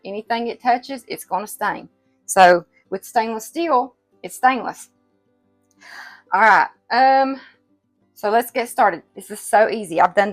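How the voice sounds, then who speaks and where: A woman giving an unscripted, rambling home kitchen demonstration, folksy and self-interrupting. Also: on the high side. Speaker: home cooking instructor.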